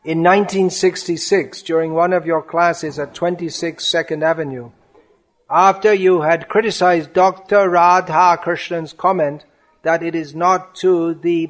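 A man giving a spiritual lecture, reading a devotional offering aloud in an earnest, measured way. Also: fairly high pitch, steady tone.

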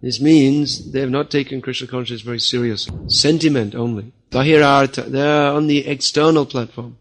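A man's voice: mid-range voice, fairly even intonation, normal speed, few pauses. A man delivering a religious lecture in a firm, scolding manner. He often quotes others in mock voices. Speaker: spiritual teacher.

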